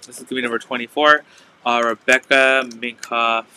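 A man's voice: mid-range voice, steady tone, moderate pace, sharp tone, slight background noise, rough recording. A man hosting a live resale stream, chatting casually and filling his talk with "like". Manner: chatty, full of "like" fillers. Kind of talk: casual live sales chat.

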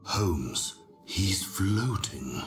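A man's voice: low voice, lively intonation, very slow, full character voice. A man voicing a timid, loyal sidekick in a game, earnest and a bit nervous, with music and echo behind. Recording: game audio, echoey with music.

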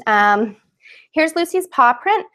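A woman's voice: sits high, lively intonation, slow pace, a bit bright. Upbeat chatty woman demonstrating a craft. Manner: chatty and upbeat, with laughs and fillers. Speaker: craft webinar host. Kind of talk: casual live craft demonstration.

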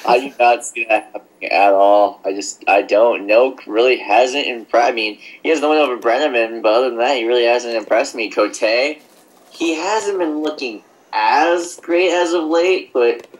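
A man co-hosting a casual podcast, giving firm opinions in a steady way. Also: medium pitch, normal speed, low-quality recording. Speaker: podcast co-host. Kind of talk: casual chat.

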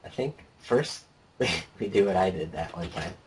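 A man's voice: low voice, animated, measured pace, slight background noise. A man co-hosting a let's play, making dry, laid-back jokes while he plays. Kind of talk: casual gameplay chat.

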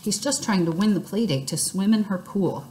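A woman's voice: medium pitch, expressive, normal speed, warm tone, slight background noise, close to an everyday voice. A woman voicing a bossy know-it-all little girl in a storybook reading, stern and scolding.

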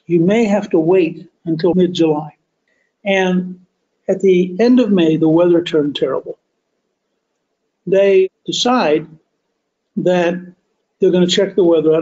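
A man hosting a podcast, telling a history story as a deliberate, emphatic monologue that stretches key words. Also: high voice, warm tone, dull audio. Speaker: podcast host.

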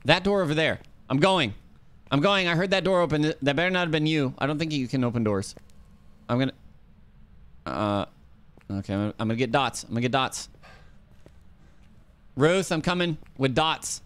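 A man's voice: a little high, expressive, moderate pace, long pauses, fairly bright tone, clear, resonant tone. A man streaming a ghost-hunting game, chatting casually and calling out to the ghost and his teammate. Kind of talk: casual gameplay chat.

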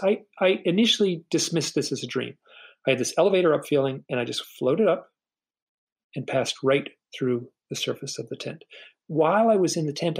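Gravelly, husky middle-aged man recounting a story. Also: mid-range voice, rough recording. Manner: earnest, halting, repeats words when starting sentences. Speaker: podcast guest. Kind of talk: personal storytelling.

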